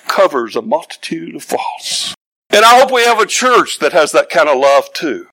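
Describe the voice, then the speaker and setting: High-voiced older preacher, folksy and fervent. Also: male voice, big pitch swings, moderate pace, sharp tone, no echo, rough recording. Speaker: pastor. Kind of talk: sermon.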